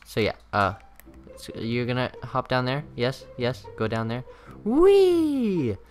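A man's voice: medium pitch, moderate pace, faint music behind. Rambling teen boy narrating a game. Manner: rambling, lots of fillers, excitable. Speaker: gaming channel host. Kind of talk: casual gameplay commentary.

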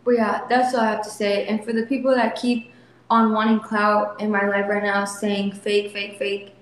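A woman's voice: mid-range voice, flat delivery, normal speed. A young woman in back pain talks to her livestream viewers, emotional and defiant, repeating herself. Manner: soft baby talk to her son. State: in back pain while sitting. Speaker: livestream vlogger. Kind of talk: casual livestream talk to viewers. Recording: very echoey phone stream, faint noise.

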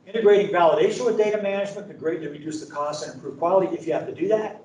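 A middle-aged man giving a conversational, anecdote-filled training talk with lots of fillers, like a sales pitch. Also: very fast, darkish tone, distant mic, slight background noise. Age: middle-aged or older. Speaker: presenter at a training event. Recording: echoey room, speaker away from mic.

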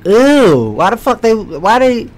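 A man's voice: sits high, very animated, a little slow, darkish tone. A young man commenting live as he plays a horror game, jumpy, swearing often and talking straight to his viewers. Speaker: gaming streamer.

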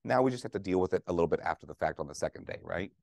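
Fast, chatty male nurse lecturer. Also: low voice, lively intonation, vocal fry, a little mellow, no room sound. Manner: conversational, jokey, asks audience questions. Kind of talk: conference lecture to clinicians.

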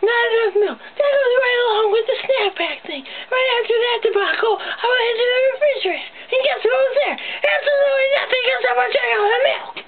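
Woman playing a shrill, foul-mouthed male rascal for a comic rant; squeaky, angry, tinny lo-fi recording. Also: fairly quick, hardly any pauses, over a noisy crowd. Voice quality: squeaky, very high voice. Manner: angry ranting with sudden shouts and laughs. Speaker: comedy web series ranter.

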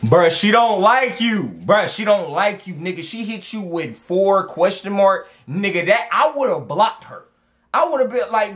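Brief: slangy male advice vlogger, higher-pitched, lively swings, repeats himself for punch. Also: unhurried. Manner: animated, slangy, repeats for emphasis. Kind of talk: casual reaction commentary.

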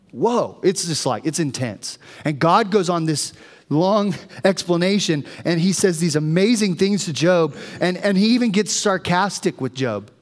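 A man's voice: on the high side, moderate pace. A man preaching a sermon in a church, telling stories animatedly to the congregation. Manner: animated storytelling, addressing the congregation. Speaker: pastor. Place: church sanctuary. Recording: long reverb of a church hall.

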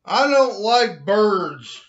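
A man delivering a loud, angry comedic rant, with slow drawn-out shouted outbursts. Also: sits high, big pitch swings. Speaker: comedic vlogger ranting to camera. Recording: dull lo-fi recording.

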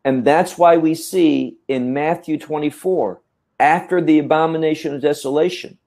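A man teaching scripture in a measured, emphatic way, often repeating words as he thinks. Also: on the high side, a little mellow. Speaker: Bible teacher. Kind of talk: teaching talk.

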